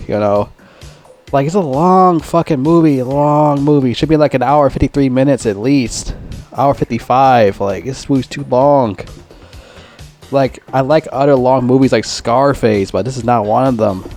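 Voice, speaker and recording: A man's voice: medium pitch, moderate pace, a little mellow, faint music behind. Man giving a profane, rambling film review. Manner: profane, rambling, heavy swearing and fillers.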